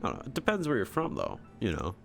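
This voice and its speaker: A man's voice: mid-range voice, huge pitch swings, quick pace, vocal fry, a bit bright, soft background music. A man with a Michigan accent, rambling and chuckling as he talks to viewers during casual gameplay commentary. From Michigan, USA. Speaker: streamer.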